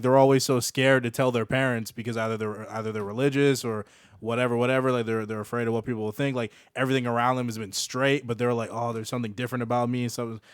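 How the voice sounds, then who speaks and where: A man co-hosting a casual podcast who jokes and talks in a laid-back, slangy way. His voice is smooth and clear at an average pitch. It is recorded close and dry. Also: no echo. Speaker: podcast co-host. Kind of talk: casual chat.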